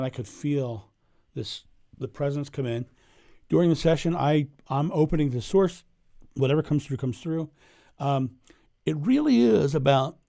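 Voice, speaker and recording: Gravelly-voiced man, earnest spiritual coach. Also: medium pitch. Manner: earnest, storytelling, repeats phrases for emphasis. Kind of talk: livestream Q&A monologue.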